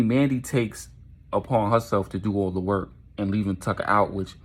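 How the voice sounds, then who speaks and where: A low-pitched man spins a dark story, profane and animated, in relaxed storytime fashion, frequently tossing in "right?".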